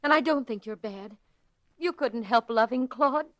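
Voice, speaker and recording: An actress playing a gracious, kind young widow in a 1940s radio drama. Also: female voice, fairly high pitch, unhurried, dry recording, lightly acted. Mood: reassuring. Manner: kind, reassuring.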